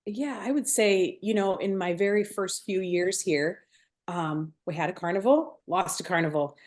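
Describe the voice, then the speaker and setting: A woman, a fair manager, talking in a friendly, relaxed way with many fillers. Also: mid-range voice, normal speed. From Iowa. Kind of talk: casual interview chat.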